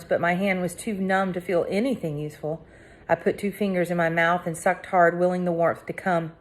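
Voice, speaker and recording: A woman reading a first-person audiobook aloud with dramatic, tense delivery that drops to hushed tones. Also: fairly low pitch. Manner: dramatic, swinging between hushed and cried out. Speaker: audiobook narrator.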